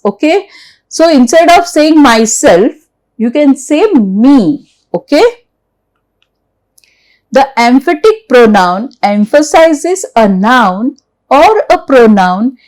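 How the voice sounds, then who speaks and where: A woman's voice: high voice, darkish tone, low-quality recording. A middle-aged woman with an Indian English accent teaching a grammar lesson, repeating each example and checking in with "okay?". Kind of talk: slide-based grammar lesson.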